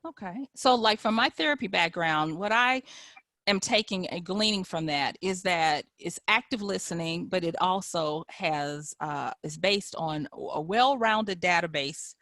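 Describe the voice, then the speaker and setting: A woman's voice: fairly low pitch, a bit bright, no echo. Curious woman interviewer, dry sound. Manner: curious, probing, with repeated words and quick backchannels. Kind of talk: conversational interview.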